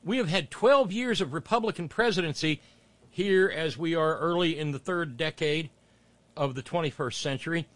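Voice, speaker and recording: A man's voice: fairly high pitch, normal speed, no echo. A man hosting political commentary, mocking clips with sarcastic asides and rising rants.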